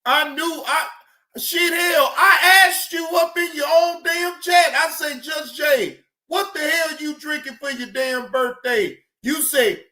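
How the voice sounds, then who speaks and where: A man ranting loudly on a livestream, shouting and cursing as he retells chat exchanges. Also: very high-pitched, measured pace, reverberant. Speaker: streamer reacting to clips. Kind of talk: loud profane livestream rant.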